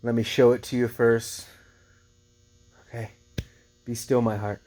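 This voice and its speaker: A man who resells thrift finds, telling a story casually and with lively energy. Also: medium pitch, a little slow, pauses often. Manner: chatty, animated retelling with laughs.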